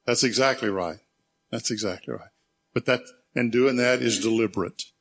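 A man leading a church small group, teaching in a conversational way, reading scripture slowly and reflectively, and inviting questions. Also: mid-range voice, a bit bright.

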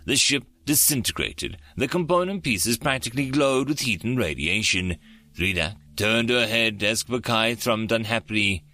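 Steady man narrating an audiobook. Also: medium pitch, normal speed. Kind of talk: scripted narration.

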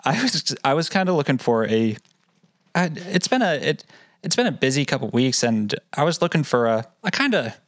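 Podcast dude rambling with lots of swearing and restarts, mid pitch, dry close sound. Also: male voice, very animated, normal speed, dry recording. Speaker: podcast co-host. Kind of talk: casual podcast chat.

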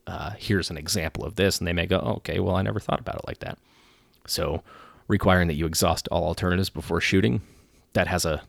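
A man who works as a police officer, talking through policy in a measured way with frequent pauses and restarts. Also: sits low, creaky, fairly bright tone, no echo, studio quality. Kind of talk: casual commentary.

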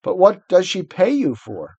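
A man voicing a kind, truthful little girl in a gentle, earnest way as he reads a novel aloud. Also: high voice, wildly swooping pitch, moderate pace, vocal fry, slightly rough, no room sound, muffled recording, voice pushed up, heavily acted. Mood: earnest kindness.

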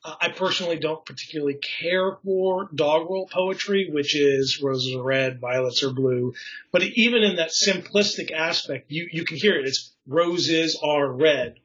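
Somewhat raised and a bit bright, this fairly high-pitched male voice belongs to a poetry lover loosely explaining the craft in conversation. He fills his talk with fillers and restarts, laughs at his mistakes, and wanders off on tangents, all over slightly dull, lo-fi sound.

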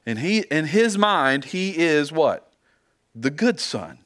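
Earnest male pastor preaching, higher voice. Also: big pitch swings, takes it slowly, a bit bright. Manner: earnest, asks rhetorical questions, stumbles and repeats words. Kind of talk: sermon.

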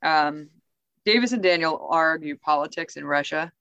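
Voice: medium pitch, moderate pace, pushed and bright, smooth, no room sound, muffled recording. Chatty podcast co-host, dry sound. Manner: chatty, says "like" often, laughs easily. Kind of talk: casual episode recap chat.

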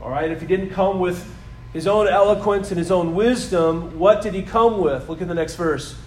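Animated high-voiced man preaching a sermon. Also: moderate pace, roomy sound, faint music behind, poor audio. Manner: animated, emphatic preaching with sudden soft drops. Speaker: pastor. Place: church sanctuary.

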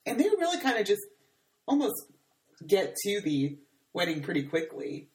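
A woman's voice: mid-range voice, big pitch swings, moderate pace, darkish tone. A woman co-hosting a casual podcast chat about a TV episode. She laughs often and trails off with fillers. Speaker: podcast co-host. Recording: echoey room, distant mic.

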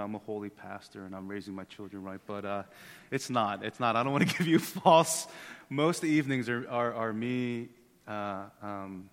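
A man in his thirties, a pastor preaching a sermon in a relaxed, joking, conversational way that often repeats words. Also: medium pitch. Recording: long hall reverb.

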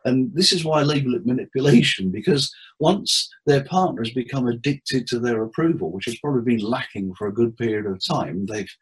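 A man's voice: medium pitch, a little fast, hardly any pauses, husky, rough recording. A man who works as a therapist, chatting in an interview and acting out conversations with his clients as he tells them. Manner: animated storyteller acting out client dialogue. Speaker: therapist guest. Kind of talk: casual interview chat.

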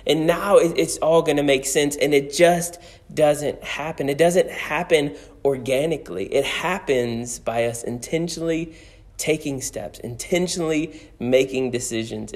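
A man preaching a conversational sermon as pastor, telling stories and repeating key phrases for emphasis. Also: mid-range voice.

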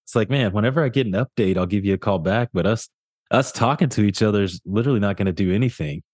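A young adult man co-hosting a casual podcast, telling work stories with lively mimicry of the people involved. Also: lowish voice, fast, dry recording, clean studio sound. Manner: animated storyteller, often mimics others with a raised voice. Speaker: podcast co-host, real estate agent.

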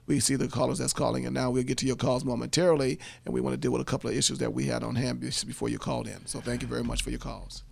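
A man hosting a radio talk show, reading out phone numbers and addresses slowly and with care. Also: medium pitch, little pitch movement, creaky, husky.

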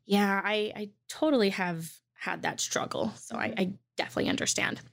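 A woman's voice: mid-range voice, gravelly, a bit bright, a little hiss or hum. A young woman hosting a casual interview, reacting enthusiastically and saying "like" often. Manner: enthusiastic, frequent "like" and quick reactions. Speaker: host, former gymnastics coach.

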